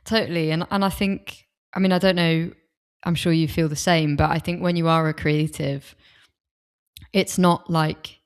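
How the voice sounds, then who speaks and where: A podcast guest, female, talks into a desk mic with a fairly low, clear, resonant voice, her tone steady and her speed normal. She's open and enthusiastic, frequently stopping and restarting her thoughts as the casual chat unfolds.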